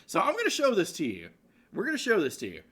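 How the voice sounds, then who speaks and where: A man's voice: high voice, wildly swooping pitch, fast, a bit bright, slightly rough. A man co-hosting a live stream show, chatting casually with profane, laughing banter. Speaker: co-host.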